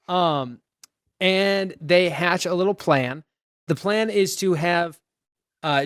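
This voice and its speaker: A man's voice: a little high, a bit bright. A man hosting a podcast, casually retelling a film's plot with quoted lines, fillers and frequent laughs. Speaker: podcast host. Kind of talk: casual movie recap chat.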